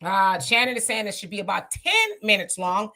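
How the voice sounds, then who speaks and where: A woman's voice: medium pitch, sing-song, normal speed, bright, forceful tone. A woman hosting a live stream, giving chatty, opinionated commentary and laughing often. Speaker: livestream host.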